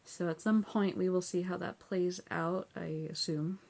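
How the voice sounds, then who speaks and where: A woman's voice: fairly low pitch, steady tone, a little slow, creaky, a little mellow. A woman hosting a casual TV episode recap. She is chatty, says "like" and "so yeah" a lot, and laughs often between points.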